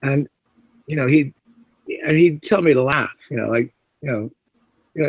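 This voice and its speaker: A man's voice: mid-range voice, normal speed, long pauses, husky, no echo. A middle-aged man, a guest actor, telling anecdotes in an interview and acting out the voices he quotes. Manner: animated storyteller who acts out quoted voices.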